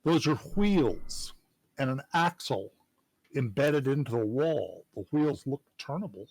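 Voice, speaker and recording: A man running a tabletop game as game master, describing scenes in a calm, measured, dry manner. His voice sits at a middle pitch. It is recorded close and dry, with no room sound. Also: no room sound.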